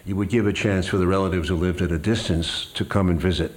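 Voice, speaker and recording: An older man, a guest, reading from his memoir and talking in a slow, measured, hesitant way. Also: low-pitched, steady tone.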